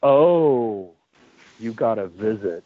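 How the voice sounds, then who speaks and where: A man's voice: on the low side, lively intonation, slow. A man quoting a male hospital coworker in a breezy, matter-of-fact voice. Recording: tinny phone-like dry sound.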